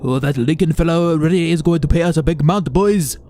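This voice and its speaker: A man voicing menacing male assailants in a loud, gloating delivery with a clumsy put-on accent. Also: high voice, fairly even intonation, moderate pace, gravelly, a little hiss or hum, pitched above the performer's own voice. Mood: scheming.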